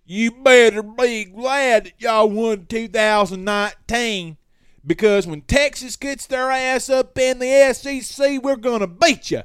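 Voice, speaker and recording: A man's voice: extremely high pitch, unhurried, fairly bright tone, smooth, no room sound, studio quality, pitched above the performer's own voice. A man putting on the voice of a cocky male rival football fan, with a boastful, drawling taunt.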